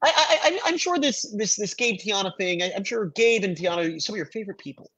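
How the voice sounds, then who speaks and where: Casting note: husky male podcast co-host, animated delivery, frequent stammered restarts. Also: sits high, fast talker, poor audio. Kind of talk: casual recap chat.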